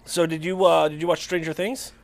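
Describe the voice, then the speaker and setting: Male co-host, slightly raised pitch, dry blunt banter. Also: level tone, a little fast, vocal fry. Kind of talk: casual chat.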